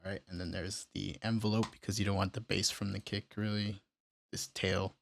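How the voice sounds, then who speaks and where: A man casually walking through how he built a beat, step by step, in a relaxed, plain way. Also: sits low, moderate pace, creaky, slight background noise. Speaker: music producer tutorial host. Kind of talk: casual screen-recorded tutorial.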